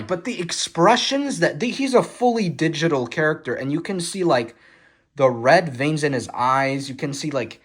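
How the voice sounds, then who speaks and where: Excitable young man, casual swearing. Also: fairly high pitch, husky. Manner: excitable, swears casually, many fillers and restarts. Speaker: vlogger reviewing a film photo book. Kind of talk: casual enthusiastic commentary. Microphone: phone.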